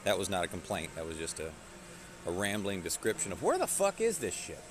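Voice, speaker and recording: A low-pitched man chats to his stream while walking store aisles. His voice rises and falls a lot as he rambles and swears in a jokey way. Plenty of shop noise sits behind him. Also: wildly swooping pitch, a little fast. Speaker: live streamer. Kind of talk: casual live-stream chat. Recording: noisy shop background.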